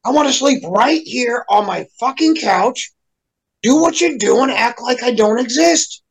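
A man's voice: very high-pitched, lively intonation, a little slow, vocal fry, breathy edge. A man in a casual chat, ranting in an exasperated, heavily profane way. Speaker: guest.

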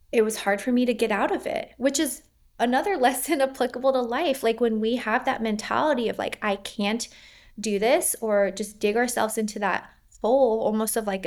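A woman's voice: fairly high pitch, a little mellow. A woman in her thirties recounting her birth story in a casual, rambling way, with many fillers and frequent laughs. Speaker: podcast guest. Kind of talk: personal story, casual interview.

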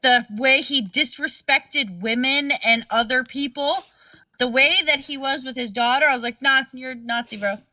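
A woman's voice: sits high, normal speed, pushed and bright, no echo, recorded from a distance. A young woman co-hosting a casual movie review podcast, blunt and profane. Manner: blunt, profane, laughs often. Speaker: podcast co-host.

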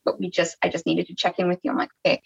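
A woman's voice: lowish voice, completely flat delivery, rapid-fire, creaky, slightly rough. Chatty Canadian woman on a dull line. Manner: chatty, many restarts and quoted dialogue. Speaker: podcast guest. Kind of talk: casual storytelling interview.

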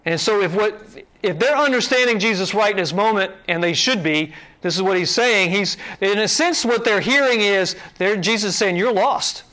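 A man preaching a sermon to a room, lively and conversational, acting out quoted voices as he explains scripture. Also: high voice, normal speed. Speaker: pastor.

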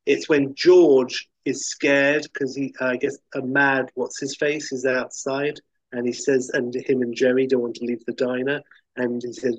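Man, husky voice, enthusiastic rambling film chat, dull lo-fi sound. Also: mid-range voice, flat delivery, normal speed, no echo. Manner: enthusiastic, rambling, acts out quotes. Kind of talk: casual chat about films.

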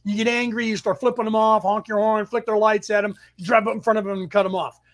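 A man hosting a spiritual study class on a live stream, telling stories in a rambling way with sudden loud outbursts, talking into a home computer mic. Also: high voice, flat delivery, fast talker. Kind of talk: casual live-stream storytelling. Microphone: home computer mic over weak Wi-Fi.

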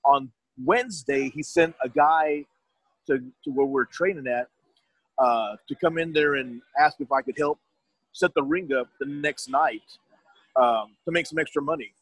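Middle-aged male guest, husky and dry, rambles through a casual anecdote. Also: on the high side, a little slow, dry recording, low-quality recording. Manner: rambling, restarts, quotes others. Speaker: guest telling his story. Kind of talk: casual storytelling.

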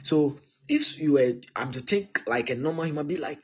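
Male pastor, 30s, very husky tone, insistent repetitive teaching style, muffled lo-fi stream. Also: on the high side, animated, normal speed. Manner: emphatic and repetitive, often checking in with "okay?". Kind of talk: live-streamed teaching sermon.

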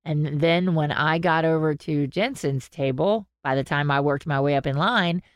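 Chatty low-voiced woman. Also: normal speed, clear, resonant tone, no echo, clean studio sound. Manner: chatty storyteller, animated quoting. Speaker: podcast co-host. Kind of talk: casual chat.

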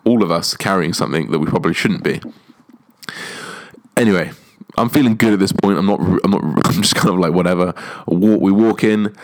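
A young man telling a candid, sweary story in a casual, laid-back way. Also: sits low.

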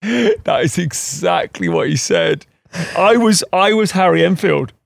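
An animated man rambles through a casual podcast chat and often pokes fun at himself. His pitch rises and falls a lot. The sound is dry and close to the mic. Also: a little slow, gravelly, no echo. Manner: animated, rambling, self-mocking. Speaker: podcast co-host.

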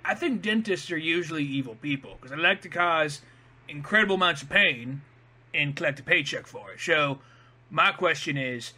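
A man's voice: a little high, moderate pace, pushed and bright. A man riffing casually and profanely in comedic commentary. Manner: profane, joking riffs.

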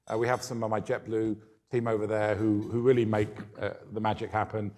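A man's voice: on the low side, little pitch movement, brisk, a little mellow. A man from the UK, an airline chief answering interview questions in a chatty, self-deprecating way. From United Kingdom.

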